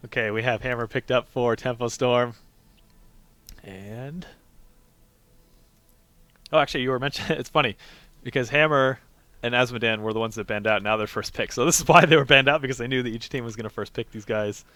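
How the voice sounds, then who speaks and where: A man's voice: medium pitch, sharp tone, no echo. A man co-casting an esports match, teasing his partner and chatting casually. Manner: teasing, playful, quick to laugh. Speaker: esports co-caster. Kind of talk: casual commentary banter.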